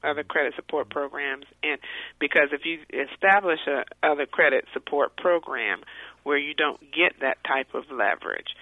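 A man asks a question over a phone line that sounds thin and tinny. His voice is gravelly and a little higher than most. He halts and restarts often, filling gaps with ums. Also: no room sound. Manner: halting, many fillers and restarts. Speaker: caller asking questions. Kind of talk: conference call question.

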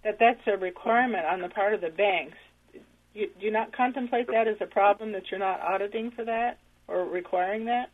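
A woman presses a question over a tinny phone line. She follows up persistently, her pitch in a middle range. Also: fairly quick. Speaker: caller asking questions. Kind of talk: conference call question.

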